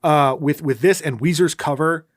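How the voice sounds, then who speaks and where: A sarcastic man co-hosting a casual podcast, rambling through a movie recap with mock outrage. His voice sits a bit higher than most men's and sounds dry and close to the mic. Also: normal speed, dry recording. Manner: sarcastic, ranting, puts on silly voices. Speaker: podcast co-host.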